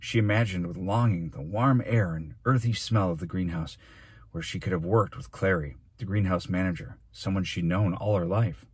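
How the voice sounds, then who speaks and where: A man, a teacher, reading a children's novel aloud in steady storytelling narration. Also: low voice, normal speed, breathy edge, no room sound.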